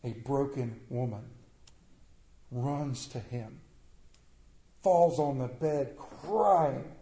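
A man's voice: medium pitch, extremely slow, pauses often. Folksy dramatic preacher man, echoey hall. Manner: dramatic storyteller, swinging from loud to hushed; folksy, plainspoken. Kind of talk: storytelling sermon. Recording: echoey room.

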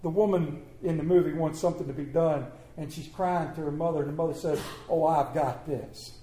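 A man's voice: fairly high pitch, steady tone, quick pace, warm tone, echoey room, slight background noise. A man preaching a sermon, telling stories with humor and calling for responses. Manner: storytelling with humor, call and response. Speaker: pastor.

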